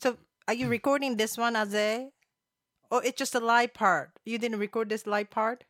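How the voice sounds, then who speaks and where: A woman's voice: a little high, fairly even intonation, normal speed, fairly bright tone, no echo, studio quality. A woman co-hosting a casual chat podcast, giggly and playfully teasing. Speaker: podcast co-host.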